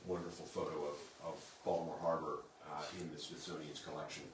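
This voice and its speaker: A museum historian gives a relaxed, conversational lecture in a lecture room at a historic site, moving through slides and posing questions he then answers himself. His voice is low and brisk, and he sounds far from the mic in the roomy hall, with faint background noise.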